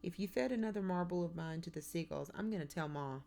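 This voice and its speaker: A woman's voice: fairly low pitch, fast talker, creaky, a little mellow. A woman reading an audiobook, voicing a thin, whiny boy of about ten. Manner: whining.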